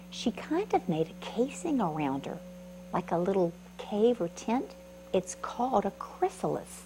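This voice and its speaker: Animated woman reading a children's story. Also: medium pitch, unhurried, a little hiss or hum, poor audio. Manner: animated, asks the listeners questions. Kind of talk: children's storytime read-aloud.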